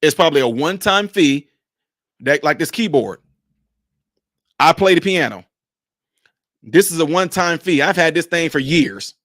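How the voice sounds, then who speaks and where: A man hosts his own vlog from a basement man cave. He speaks a little above the usual male pitch and tells stories in an animated, chatty way. The room sounds dry with the mic close. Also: normal speed, long pauses, no room sound. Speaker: vlogger, channel host. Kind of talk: casual vlog talk to viewers.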